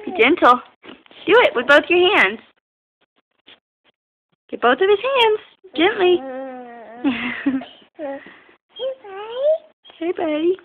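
Woman, high voice, slow unhurried baby talk, noisy home video. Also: expressive, muffled recording. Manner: sing-song baby talk, coaxing and playful. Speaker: parent filming her children. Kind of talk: home video, talking to small children. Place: family home.

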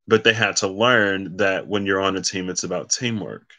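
Brief: man, somewhat low pitch, forceful bright edge, rambling casual card reader. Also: normal speed. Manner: rambling, self-correcting, reads card meanings aloud. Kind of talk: casual solo card reading.

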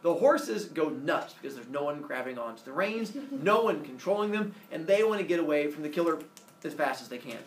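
A male teacher retells a myth to his class with playful, animated storytelling, his pitch swinging widely. He is heard in an echoing classroom through a camera across the room, with faint background noise. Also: fairly quick. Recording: echoey room, far from the mic.

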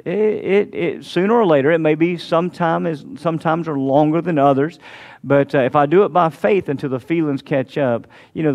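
A man preaching a sermon as pastor, fervent and emphatic, slowing down to stress key phrases. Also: fairly high pitch, vocal fry. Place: church sanctuary.

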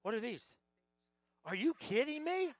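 An American man preaching a lively Palm Sunday sermon in church, joking with the congregation and breaking into sudden loud exclamations. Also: extremely high pitch, unhurried. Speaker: pastor. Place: church sanctuary.

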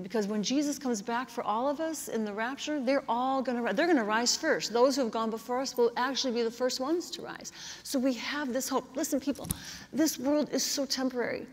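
A woman pastor preaching a sermon in an earnest, conversational way, often saying "like" and "kinda.". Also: sits high. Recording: long hall reverb.

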